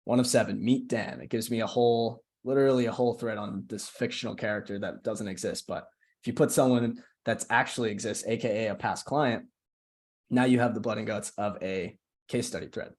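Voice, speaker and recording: A man's voice: on the low side, fairly even intonation, a little fast, a little mellow. Chatty man coaching on a video call. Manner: chatty, keeps asking "right?", restarts phrases. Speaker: marketing coach. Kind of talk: casual screen-share tutorial.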